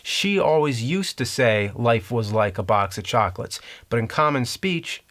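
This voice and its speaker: A host in his thirties works through movie trivia in scripted commentary, using an ordinary mid-range voice with a fairly bright tone. His explanations come across as conversational and dryly amused.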